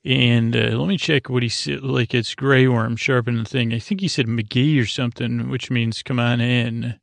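A man rambling through a loose, filler-heavy recap, paraphrasing scenes in casual slang, with a gravelly, fry-laden voice. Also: mid-range voice, steady tone, moderate pace, no echo. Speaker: podcast host.

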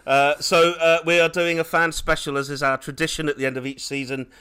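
A man hosting a podcast, energetic and theatrical, laughing often as he chats with guests. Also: on the high side, brisk, smooth. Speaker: podcast host. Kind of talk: lively podcast banter.

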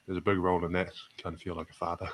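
A man's voice: deep voice, monotone, racing, slight background noise. A young man with a New Zealand accent, a basketball player answering press questions in a laid-back, self-deprecating way. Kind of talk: post-game press interview.

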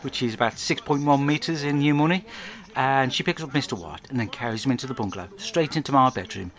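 A man with an English accent telling a crude comic diary monologue, rambling and deadpan. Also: medium pitch, quick pace. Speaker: podcast host.

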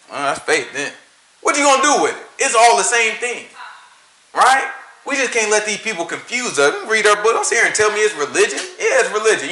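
Southern guy going off, bright sharp voice, preachy and argumentative, echoey room. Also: high-pitched, a little hiss or hum. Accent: Southern American. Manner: preachy, argumentative, rhetorical questions, laughs at own points. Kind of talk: casual ranting monologue.

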